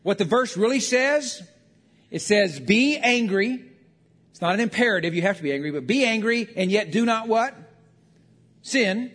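A man with a high voice delivers a sermon in a church sanctuary, his words ringing with a long hall reverb. He preaches conversationally, slipping into acted-out quotes. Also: a bit bright, breathy edge. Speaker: pastor. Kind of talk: sermon on marriage.

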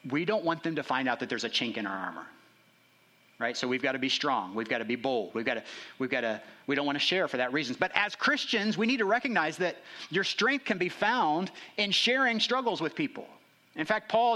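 A male pastor delivers a conversational sermon with a bright, somewhat high voice. He keeps checking in with the congregation, rising in pitch for emphasis and dropping low and quiet for asides. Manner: conversational, frequent "right?" check-ins.

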